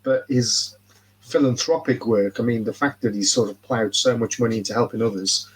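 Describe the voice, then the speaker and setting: A man's voice: medium pitch, normal speed, slightly rough, poor audio. A man in casual podcast chat, rambling and repeating words as he talks. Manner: rambling, repeats words, laughs at his own jokes. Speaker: podcast guest.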